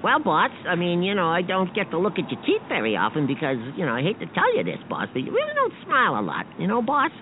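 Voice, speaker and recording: Cheeky, stammering garage sidekick, played by a man, wildly swooping pitch, phone-thin audio. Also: huge pitch swings, fast talker, hardly any pauses, a little hiss or hum. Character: chatty wisecracking male garage helper. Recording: tinny lo-fi radio recording.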